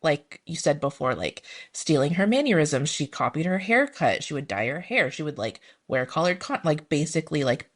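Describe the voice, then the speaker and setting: A woman hosts a podcast in a relaxed, chatty way. Her voice sits a little low for a woman. She talks warmly and loosely with her guest. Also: normal speed, hardly any pauses. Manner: chatty, reacts with gasps and laughs. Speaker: podcast host. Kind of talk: casual interview chat.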